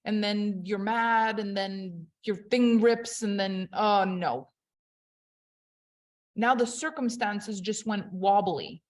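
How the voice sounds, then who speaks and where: A woman coaches on leadership in a conversational, emphatic motivational talk that swings between loud and quiet. Her mid-range voice holds a steady tone, and she takes it slowly with few pauses.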